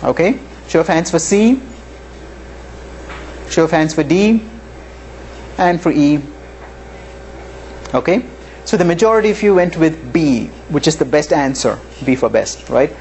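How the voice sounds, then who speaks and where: A man's voice: a little high, expressive, measured pace, pauses often, darkish tone. A man teaching a live physics class in a lecture hall, talking conversationally and often checking in with "right?". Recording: faint room noise in a lecture hall.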